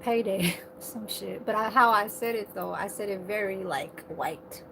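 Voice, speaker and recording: A woman's voice: mid-range voice, a little slow, creaky, noisy background. A woman vlogging in a casual, rambling monologue, swearing freely and laughing at her own asides about working as a server. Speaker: server at a senior living community.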